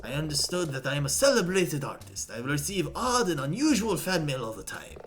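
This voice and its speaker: A woman's voice: deep voice, very animated, normal speed, a bit bright, slight background noise. Woman putting on a pompous vain jet-setter man. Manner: obnoxious, affected vaguely French put-on accent. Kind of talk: voicing characters in a visual novel stream.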